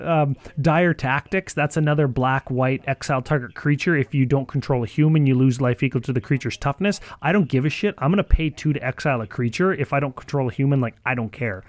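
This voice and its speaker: A man with an ordinary mid-pitched voice talks shop on a podcast. He rambles and fills his talk with "like", mixing sardonic asides with swearing. The sound is close and dry. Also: brisk, few pauses, dry recording. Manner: rambling, sardonic, profane, many fillers. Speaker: podcast co-host. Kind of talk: casual card game chat.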